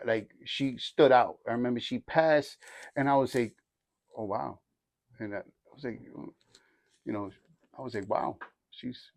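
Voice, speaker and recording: A church group member, a young man with a medium-pitched, slightly mellow voice and no echo, tells his life story as testimony, slangy and casual, rambling and restarting as he goes.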